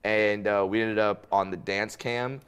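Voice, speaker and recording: A man in a TV studio, chatting as a comedian guest. He tells his stories in an animated way, often leaping into high, excited voices when he quotes people. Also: a little slow, clear, resonant tone. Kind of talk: casual interview storytelling. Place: local TV news studio.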